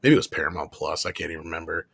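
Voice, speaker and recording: A man's voice: a bass voice, very fast, vocal fry, a bit bright, husky, no room sound. A man on a live-stream panel, rambling loosely and hedging through box-office figures with plenty of filler. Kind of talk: casual panel chat.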